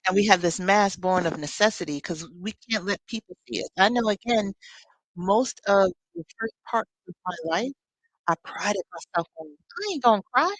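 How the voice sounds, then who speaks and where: A woman's voice: mid-range voice, normal speed, no echo, low-quality recording. A woman leading a live spiritual teaching, talking expressively with sassy, conversational asides.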